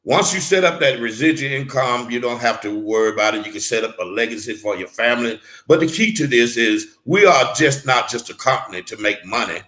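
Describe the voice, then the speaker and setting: A man's voice: mid-range voice, expressive, a little fast, few pauses, fairly bright tone, reverberant, rough recording. A man interviewed as a mentor, talking earnestly and emphatically, often restarting and repeating words. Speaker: guest mentor.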